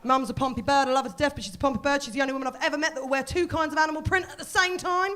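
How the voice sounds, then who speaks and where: A woman's voice: high voice, fairly even intonation, a bit bright. A woman from Portsmouth, performing a self-deprecating stand-up set at a live comedy venue. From Portsmouth, England. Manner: quick self-deprecating storytelling.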